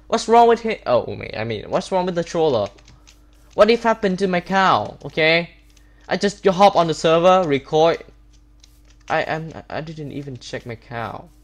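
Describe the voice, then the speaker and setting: A man with a slightly high, very animated voice talks through his gameplay at an easy pace. He complains and repeats himself, stumbling and restarting his sentences. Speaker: Minecraft YouTuber. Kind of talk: gameplay commentary. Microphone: desktop setup with webcam.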